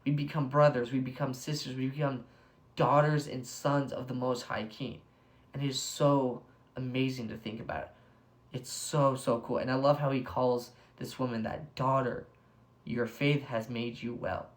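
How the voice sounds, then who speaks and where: An enthusiastic young man talks through a Bible passage in a casual devotional, with a mid-range voice. He fills his talk with "like" and keeps getting carried away with excitement. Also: mid-range voice, moderate pace. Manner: excitable, heavy use of "like", bursts of enthusiasm. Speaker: devotional speaker.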